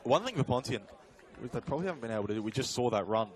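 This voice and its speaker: A man providing colour commentary on a live football match, talking through the play in a conversational, analytical way, with fillers and quick self-corrections. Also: mid-range voice, expressive.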